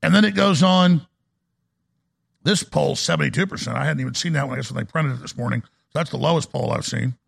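A man hosting a live call-in talk show, ranting in a fiery, rapid-fire way. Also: medium pitch, gravelly, husky.

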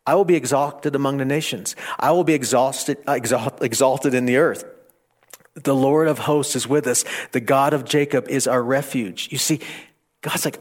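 A man preaching a sermon, stammering and repeating phrases, rising toward near shouting at times. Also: mid-range voice, fairly even intonation, moderate pace. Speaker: pastor.

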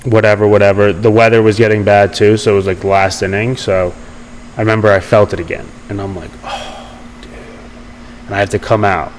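A man's voice: on the low side, little pitch movement, quick pace, slight background noise, low-quality recording. A young man telling his story in a casual interview, rambling with many fillers and restarts. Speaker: podcast guest.

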